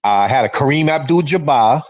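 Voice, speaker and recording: A man's voice: medium pitch, fairly quick, no echo, dull audio. A man in his fifties from Massachusetts, telling stories on a fan show video call and acting out what people said. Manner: animated storyteller who acts out quoted voices. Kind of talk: casual storytelling chat.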